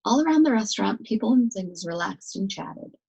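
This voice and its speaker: A woman reading a novel aloud as a storyteller, with steady, expressive narration. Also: mid-range voice, a little fast, creaky, breathy edge, dull audio.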